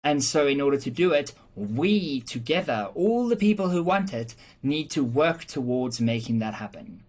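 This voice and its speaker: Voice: mid-range voice, very animated, moderate pace, a little mellow. A teacher giving an explanatory lesson on rhetorical devices, patiently working through examples and checking in with "okay?" along the way, with frequent "um" fillers. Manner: frequent "um" fillers and small restarts. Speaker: English teacher.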